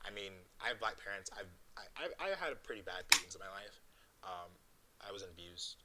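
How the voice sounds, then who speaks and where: A young man co-hosting a casual chat, telling stories in an animated, profane way. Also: low-pitched, brisk. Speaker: co-host. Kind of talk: casual chat among friends. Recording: noisy stream audio.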